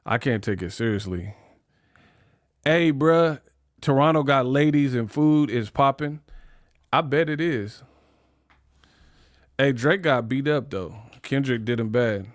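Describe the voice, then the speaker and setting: A young man hosting a live boxing stream, talking in animated slang. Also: medium pitch, takes it slowly, pauses often, dry recording. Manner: animated, slangy, laughs at his own jokes. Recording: dry close mic.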